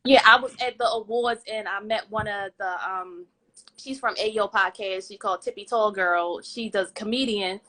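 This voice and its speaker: A woman's voice: medium pitch, moderate pace. A woman guest on a podcast live stream, chatting casually and acting out quotes as she tells stories. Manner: animated storyteller acting out quotes.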